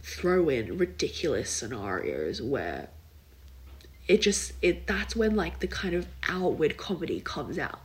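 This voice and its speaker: A young adult podcast host chats casually on their own at a measured pace, in a medium-pitched, sing-song voice, over a rough recording. The solo talk wanders, heavy with fillers like "like" and "kind of," and full of loose, half-finished thoughts.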